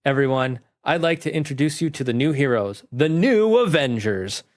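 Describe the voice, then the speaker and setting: A man's voice: medium pitch, lively intonation, moderate pace, no echo, clean studio sound, close to an everyday voice. A man voicing a scheming woman official making a showy announcement. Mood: announcing.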